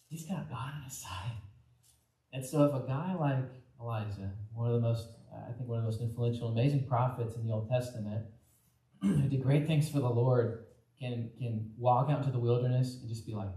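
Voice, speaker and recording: A man's voice: mid-range voice, moderate pace, warm tone. A man from Texas preaching a conversational sermon as pastor, often acting out the voices of Bible figures. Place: church sanctuary. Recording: echoey church hall from off mic.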